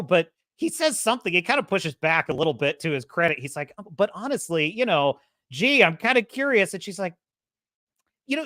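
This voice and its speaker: A woman's voice: sits low, no echo, clean studio sound. A woman hosting a podcast, ranting in a sarcastic, casual way, laughing often and mimicking characters. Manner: animated, swings loud and soft. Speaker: podcast host. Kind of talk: casual opinionated rant.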